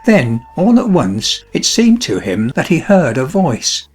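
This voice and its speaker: A man narrating a fairy-tale audiobook in an expressive storytelling style. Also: on the high side, a little slow, slightly rough, faint music behind.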